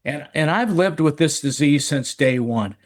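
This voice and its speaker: This recovery podcast guest is a middle-aged man with a fairly high, animated voice and a moderate pace. He earnestly recounts his personal recovery in a relaxed chat, repeating words and restarting often.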